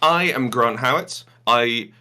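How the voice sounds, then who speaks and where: A man's voice: medium pitch, slow, bright, forceful tone. A man acting as game master, introducing players on a video call with playful, self-mocking banter. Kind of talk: joking stream introduction.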